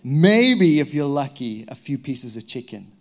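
A man from Zimbabwe with a Zimbabwean accent, a pastor giving a lively sermon with humorous stories. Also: medium pitch, unhurried. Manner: lively, humorous storytelling with prayer. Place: church hall.

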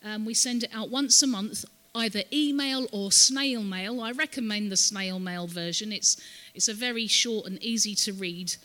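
Bright-voiced woman teaching in a church. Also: medium pitch, moderate pace. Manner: storytelling, has the audience repeat words. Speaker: visiting ministry speaker at a church. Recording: long reverb of a church hall.

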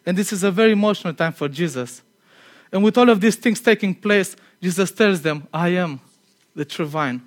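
High-voiced man preaching conversationally. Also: a little fast. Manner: chatty and earnest, laughs at himself, drops to a quiet tone for emphasis. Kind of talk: conversational sermon.

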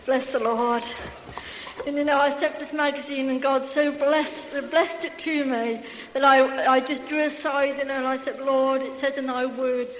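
A woman giving a church testimony, effusive and full of hallelujahs. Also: high voice. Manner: effusive, bubbling with hallelujahs and laughter. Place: large hall. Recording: echoey hall with faint hiss.

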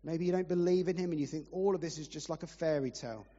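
A man's voice: fairly high pitch, fast, dark tone. A man preaching a sermon as pastor, earnest and pleading, at times emotional. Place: church hall. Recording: reverberant church hall, muffled.

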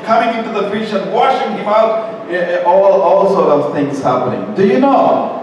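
A man preaching a sermon, slow and emphatic, acting out quotes in a raised voice. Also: sits high, expressive, highs cut off, slight background noise. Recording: echoey hall, mic far off, faint ambience.

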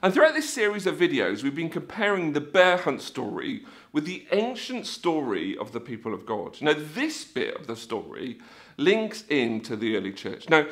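A man giving an animated faith talk for families, telling stories and acting out scenes with sound effects. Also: a little high.

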